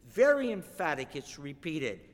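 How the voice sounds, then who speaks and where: A man preaches in a church sanctuary, his voice sitting a little high for a man. He reads scripture and builds to emphatic, forceful declarations. A long reverb trails off every phrase. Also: very animated, normal speed. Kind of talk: sermon.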